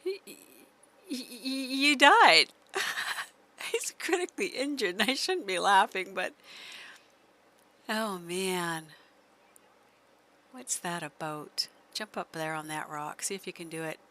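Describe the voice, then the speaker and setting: A woman's voice: fairly low pitch, animated, measured pace, long pauses, fairly bright tone. A woman streamer giving chatty live gameplay commentary, laughing often and coaxing her horse along.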